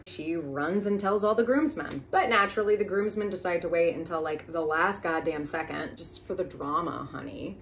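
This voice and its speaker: A woman's voice: lowish voice, lively intonation, normal speed, few pauses, a little hiss or hum. A woman retelling an old story as campy comedy, with profane, incredulous asides.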